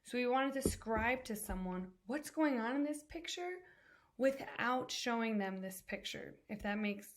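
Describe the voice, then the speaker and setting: A woman's voice: fairly high pitch, expressive, moderate pace. A woman teacher giving a classroom lesson, explaining patiently and step by step with examples.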